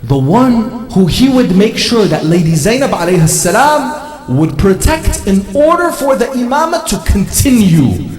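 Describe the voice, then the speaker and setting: A high-voiced man preaching with a lively, swooping delivery. He asks the listeners question after question and repeats phrases for emphasis. His voice carries through a long echoing hall, heard from some distance off the mic. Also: unhurried. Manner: rhetorical questions, repetition for emphasis. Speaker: religious speaker. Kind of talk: sermon. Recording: echoey hall, voice from far off.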